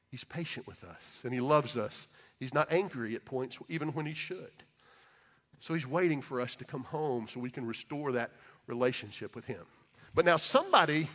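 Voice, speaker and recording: High-voiced man preaching in a reverberant church. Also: a bit bright. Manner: storytelling preacher who acts out quoted voices. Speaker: pastor. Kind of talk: sermon. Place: church sanctuary. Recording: long church hall reverb.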